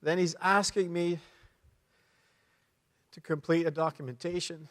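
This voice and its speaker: A man's voice: a little high, fairly even intonation, fairly bright tone. Canadian man telling a story in a hall. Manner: emotional storytelling, pauses and restarts. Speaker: conference speaker. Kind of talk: personal testimony talk. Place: large conference hall. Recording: long hall reverb.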